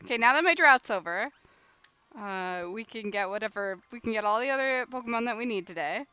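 A young woman streaming a game live, chatting casually and bursting into excited shrieks, with music playing behind her. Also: fairly high pitch, brisk, smooth, no room sound. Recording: background music under the voice.

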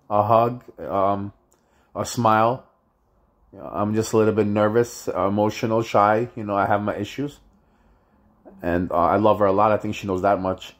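A man with a very low voice is vlogging to his viewers, plainly upset and frustrated. He rambles and halts, filling gaps with "you know" and "uh" and restarting his thoughts. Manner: halting, many fillers and restarts. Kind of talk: casual vlog monologue.

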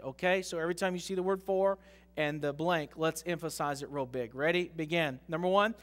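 A man preaching an interactive sermon in a church, joking with the congregation and rising to slow, loud emphasis. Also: high-pitched. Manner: jokes with the congregation, leads call-and-response reading. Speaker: pastor. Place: church sanctuary. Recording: long hall reverb.

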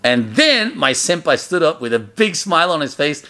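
A man's voice: on the high side, big pitch swings, moderate pace. A man narrating his own memories in a casual, rambling way, full of fillers and restarts. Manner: chatty, loose, filler-heavy, with loud acted shouts in quotes. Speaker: memoir narrator. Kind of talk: casual spoken storytelling.

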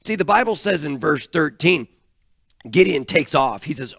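A high-pitched man with a gravelly edge preaches an earnest, emphatic sermon, stumbling over fillers and restarting his phrases. The sound is close and dry, with little room around his voice. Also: expressive, moderate pace, fairly bright tone, no room sound. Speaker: pastor. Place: church.

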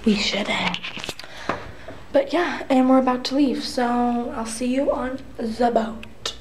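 High-voiced woman vlogging, slow and chatty. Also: fairly even intonation, noisy background. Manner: chatty, loose, full of "like" and "so yeah". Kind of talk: casual vlog chat. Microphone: phone or handheld camera.

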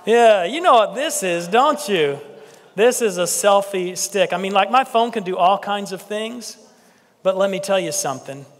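A man preaching a sermon as pastor, animated and joking with the congregation. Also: high-pitched, in a large hall. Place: church sanctuary.

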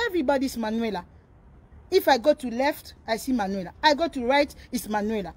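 A woman from Congo rants emotionally straight to camera, responding to a rival vlogger as she pleads, repeats herself, and switches between languages. Her voice is high-pitched and expressive with a darkish tone, and she speaks briskly.

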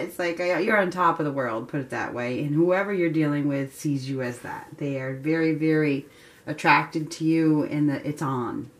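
A woman giving a casual tarot reading, chatty and excitable, laughing often and filling pauses with ums. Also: low-pitched. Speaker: tarot reader.

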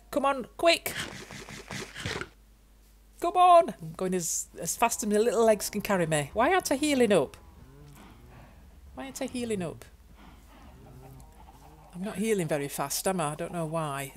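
An older woman talks her way through a video game, excitable and chatty with herself. Her pitch swings widely between cries of delight and quiet mutters. A faint noise sits under the recording. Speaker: gaming YouTuber. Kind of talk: game commentary.

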